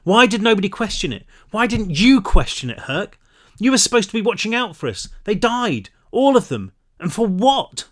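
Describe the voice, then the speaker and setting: A man's voice: on the high side, lively intonation, normal speed, sharp tone. A man doing a fierce, furious teenage girl. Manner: snapping, bitter.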